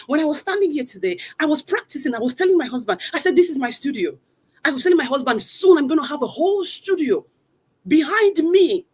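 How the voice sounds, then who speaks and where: A woman, a mother of three, hosting a live online motivational session from a room at home. She speaks with energy, urging her audience again and again. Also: high voice. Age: adult mother of three. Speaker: motivational coach hosting a virtual event. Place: room at home, not a studio.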